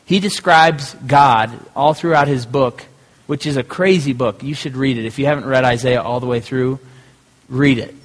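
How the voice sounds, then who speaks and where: A man's voice: mid-range voice, normal speed. A man preaching a sermon as pastor, talking conversationally and often restarting his phrases. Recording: hall with long reverb.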